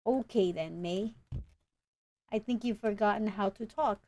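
A young woman commenting as she plays a video game, excitable, shrieking and groaning as she wins and fails. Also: mid-range voice, measured pace. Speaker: gaming YouTuber. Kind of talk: let's play commentary.

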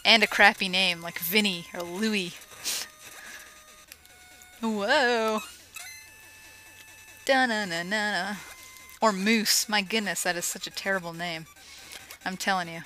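A woman giving casual, joking commentary over a retro game she is playing, with sarcastic asides and excited yelps. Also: on the low side, moderate pace, soft background music, low-quality recording. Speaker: let's play commentator. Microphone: home microphone.

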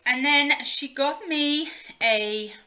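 A woman's voice: high-pitched, slow pace, sharp tone. A young woman chatting casually as she shows off gifts she got in the mail, rambling with lots of fillers. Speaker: beauty vlogger. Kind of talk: casual show-and-tell chat.

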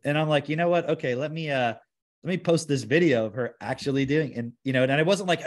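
A man's voice: on the high side, expressive, quick pace. A man hosting a podcast in casual chat, talking animatedly and acting out the voices of people he quotes. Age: young adult or middle-aged, father of a four-year-old. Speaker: podcast host.

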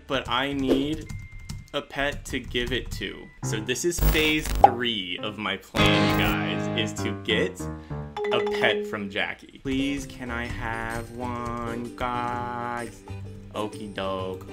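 A man hosting a gaming channel, giving excited gameplay commentary, squealing and gasping as he talks to his viewers. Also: medium pitch, slow. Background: background music.

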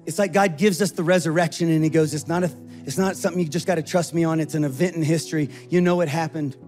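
Animated high-voiced man preaching. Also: fast, soft background music. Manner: animated, acts out quoted voices. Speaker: pastor. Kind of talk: sermon.

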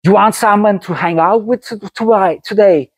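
A man's voice: high voice, normal speed, breathy edge, no echo, studio quality, pitched above the performer's own voice. A man imitating a male friend who speaks with a ringing, twangy voice. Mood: friendly.

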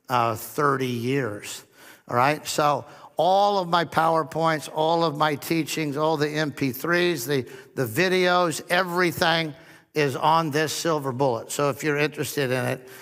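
A middle-aged man preaching as a pastor, telling a story with touches of humor and quieter quoted dialogue. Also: a little high, unhurried. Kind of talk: sermon. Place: church hall. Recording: long hall reverb.

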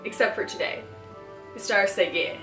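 A woman's voice: medium pitch, normal speed, fairly bright tone. A young woman chatting casually to camera as she opens fan mail, bubbly and gushing, laughing often. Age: young adult. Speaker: cosplay vlogger opening fan mail. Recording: roomy, distant mic, music behind.

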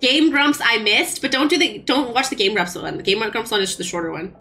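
A woman streaming a game, chatting casually with quick, joking, swearing back-and-forth, with faint game music behind. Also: a little high, pushed and bright. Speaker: streamer playing a game with a friend. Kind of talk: casual gaming chat.

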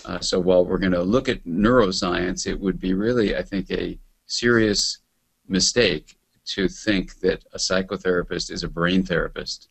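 A man being interviewed as a psychotherapy expert, explaining in a measured, thoughtful lecturing manner. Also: low voice, gravelly, breathy edge.

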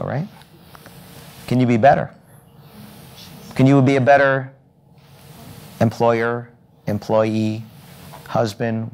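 Middle-aged male keynote speaker, mid-pitched, lively storyteller who acts out conversations on stage. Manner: storytelling, acts out dialogue, asks the audience "right?". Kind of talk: conference keynote talk. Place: hotel event room, on stage.

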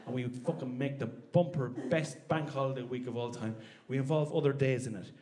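A man with an Irish accent performing a stand-up comedy set in a club, animated and sweary, acting out characters. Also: mid-range voice, fairly quick, hardly any pauses. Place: comedy club with a live audience. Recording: live club with crowd laughter.

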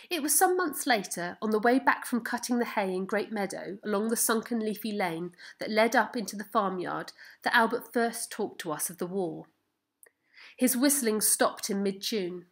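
A woman calmly reading a novel aloud as the narrator. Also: mid-range voice. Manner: calm, measured narration. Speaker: reader. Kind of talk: storybook reading.

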